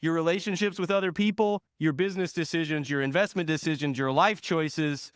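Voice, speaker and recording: A man preaching a sermon as pastor, leaning hard on single words and letting phrase ends fall soft and low. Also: clean tone, no echo, studio quality. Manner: slow, emphatic stress on single words.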